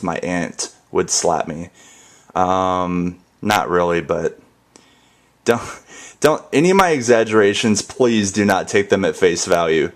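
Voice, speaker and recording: Young man, from the northern US, deep-ish voice, slow rambling, jokey, casual vlog chat. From northern United States. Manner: rambling, joking, spells words out. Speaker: YouTube creator. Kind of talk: casual dialect tag rambling.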